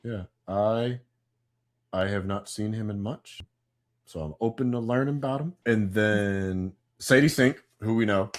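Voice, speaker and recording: Excitable man on a podcast. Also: lowish voice, measured pace. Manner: excitable, swings into loud hype bursts. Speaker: podcast co-host. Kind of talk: casual pop-culture chat.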